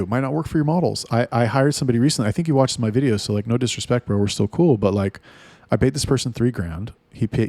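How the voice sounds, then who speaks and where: A man's voice: medium pitch, darkish tone, no room sound. A man ranting in a casual, blunt and heavily profane monologue. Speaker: talk host.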